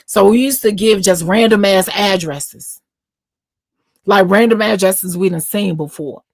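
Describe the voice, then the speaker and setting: A woman with a medium, creaky voice speaks unhurriedly as an interview guest. She spins a long, loose, slangy story, repeatedly checking in with "you know what I'm saying."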